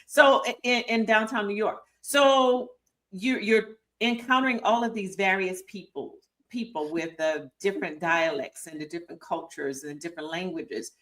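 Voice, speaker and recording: A woman's voice: medium pitch, moderate pace, fairly bright tone, recorded from a distance. A woman hosting an interview show, reflecting on the guest's words as she thinks aloud. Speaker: host. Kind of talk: interview conversation.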